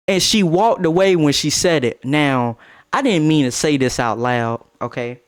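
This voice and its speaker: A young man telling a casual storytime with slang and swearing, breaking into high-pitched outbursts. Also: measured pace, smooth. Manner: animated, swings into high-pitched outbursts when quoting.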